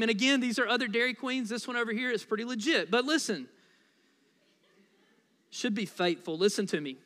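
A man from the United States preaches a sermon in a high, bright voice. He talks to the congregation casually and playfully, with plenty of asides. The recording carries the long reverb of a church hall. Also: brisk. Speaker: pastor.

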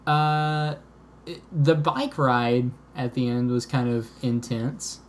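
A man's voice: mid-range voice, fairly even intonation, takes it slowly. Easygoing, chuckling male podcast co-host. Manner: easygoing, chuckling, playful guesses. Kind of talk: casual movie-review chat.

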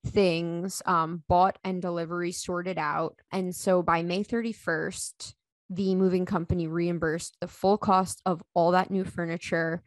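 A woman in her thirties, a podcast guest, telling a personal story in casual chat, animated and laughing often as she acts out the dialogue. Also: lowish voice, measured pace, no echo.

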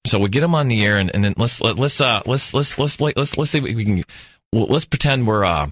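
A man's voice: medium pitch, animated, a little fast, fairly bright tone, no echo. A male radio host telling a rambling, jokey story on air into a studio mic. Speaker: radio talk show host. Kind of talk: talk radio monologue.

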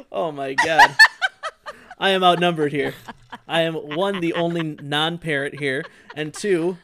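A man's voice: a little high, sing-song, a little slow, heavy background noise. A man hosting a podcast in casual chat, rambling with lots of fillers and frequent laughter. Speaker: podcast host.

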